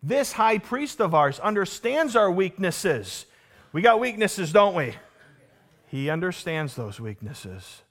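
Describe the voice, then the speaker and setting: A male pastor preaching a sermon, emphatic, asking the congregation rhetorical questions and swinging between loud declarations and hushed, low stresses. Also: sing-song, slow.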